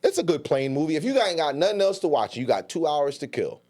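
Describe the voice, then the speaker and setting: A man's voice: on the high side, big pitch swings, fast talker, darkish tone. A man co-hosting a podcast in casual chat, talking in a laid-back, slangy way. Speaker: podcast co-host.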